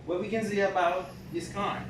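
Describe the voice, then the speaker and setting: A man teaching an English grammar lesson, explaining slowly and repeating key points. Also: high-pitched, fairly even intonation. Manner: slow, repetitive, explains step by step. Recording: roomy, from far off, faint noise.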